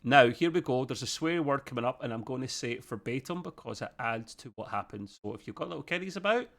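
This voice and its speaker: A man's voice: medium pitch, lively intonation, fast talker, fairly bright tone. A middle-aged man co-hosting a casual review podcast, talking in a chatty way with British slang. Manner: chatty, uses British slang like "bloody" and "mate". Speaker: podcast co-host.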